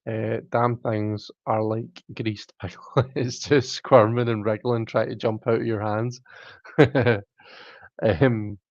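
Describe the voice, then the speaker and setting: A man's voice: fairly low pitch, fairly even intonation, slow, darkish tone, no room sound, lo-fi sound. A man with a British accent hosting a live stream, casually reading viewer comments aloud and chatting back in a self-mocking way. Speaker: livestream host.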